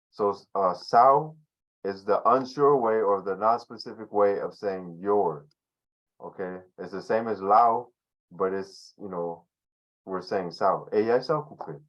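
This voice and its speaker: Low-voiced man teaching a casual online class. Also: highs cut off. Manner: loose and conversational, many fillers and restarts. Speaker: language teacher.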